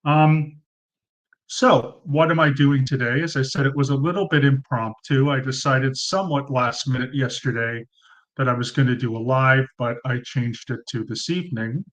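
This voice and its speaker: A man's voice: mid-range voice, moderate pace, fairly bright tone, rough recording. Thirties male streamer, loose chatty delivery full of ums, cheap mic in a room at home. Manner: chatty, rambling, many ums and uhs, thanks viewers by name. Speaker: livestream host. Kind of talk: casual live Q&A chat. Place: room at home under fluorescent lights. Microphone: cheap desk mic.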